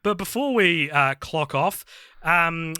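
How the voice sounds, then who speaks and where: Podcast host guy joking around, really bright tense voice, dry close sound. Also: a little high, animated, clear, resonant tone, dry recording. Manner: joking, quick asides. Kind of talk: casual podcast chat.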